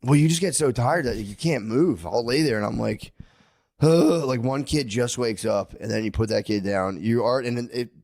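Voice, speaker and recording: A man, co-hosting a casual comedic podcast, rambling and profane, loudly acting out the things people say. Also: mid-range voice, normal speed, vocal fry, few pauses, no echo, clean studio sound. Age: 30s. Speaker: podcast co-host.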